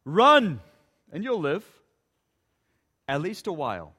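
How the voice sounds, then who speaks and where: A preacher voicing a rousing rebel leader. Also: male voice, a little high, very animated, slow pace, pushed and bright, breathy edge, heavily acted. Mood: rallying. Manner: stirring, defiant battle speech.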